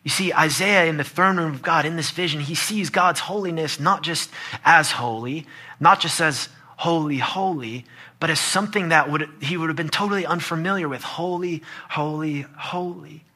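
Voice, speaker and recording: Bright-voiced male preacher. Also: on the high side, fairly quick. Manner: earnest, building emphasis with quoted verses. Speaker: pastor. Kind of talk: sermon.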